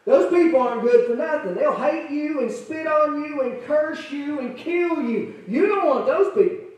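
A man's voice: very high voice, expressive, normal speed, a little mellow, pitched above the performer's own voice. A preacher voicing a gloating, boastful male devil with a folksy, taunting drawl. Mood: scornful. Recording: echoey church from far off.

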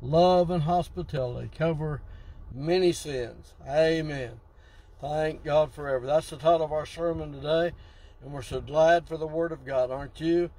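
A man's voice: fairly high pitch, fairly even intonation, moderate pace, warm tone, rough recording. A man preaching a sermon, exclaiming and drawing out key words for emphasis.

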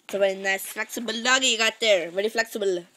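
A woman's voice: medium pitch, fast, bright, forceful tone, rough recording. A woman chatting casually and goofily, exclaiming a lot and swearing. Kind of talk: casual chat.

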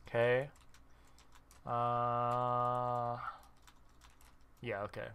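A man casually reading a visual novel aloud as a let's player, with quick reactions of his own. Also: mid-range voice, monotone, fairly bright tone, clear, resonant tone. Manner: casual, swears in surprised reactions.

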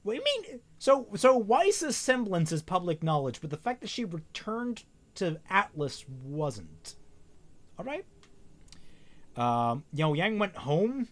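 A man's voice: high voice, sing-song, slow. A man reading a novel aloud on a stream, often stumbling and correcting himself, with wry asides.

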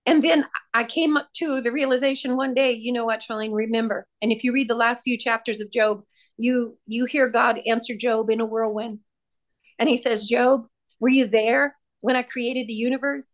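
Fervent high-voiced woman giving testimony. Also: steady tone, moderate pace. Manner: fervent, emphatic, repeats phrases for emphasis. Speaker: podcast guest, prayer ministry founder. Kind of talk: testimony in a podcast conversation.

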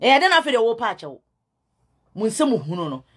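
Speaking very fast in a fairly high, very animated voice, a Ghanaian woman who calls herself a prophetess rants heatedly to camera. She scolds repetitively, mixing English in with her own language.

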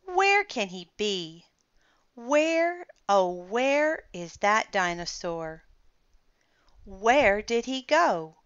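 An earnest young storybook boy, voiced by a woman reading aloud. He speaks slowly, in smooth, clear tones. The recording is dry, with little room sound. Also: medium pitch, big pitch swings, a bit bright, no room sound, dull audio.

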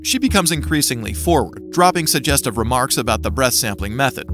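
A man narrating a scripted voice-over at middling pitch, steady and explanatory throughout. Clear music plays underneath the narration. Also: fairly quick.

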